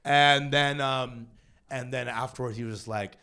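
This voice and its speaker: A young man co-hosting a comedy podcast, telling a family story in an animated way, acting out the people he quotes and laughing often. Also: medium pitch, moderate pace, smooth. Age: young adult. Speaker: podcast co-host.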